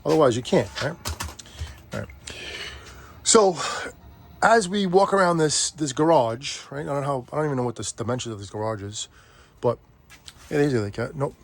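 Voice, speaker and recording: A middle-aged vlogger walks a camera around his garage arcade, rambling and chatting casually and interrupting himself. His mid-range voice moves at normal speed with long pauses.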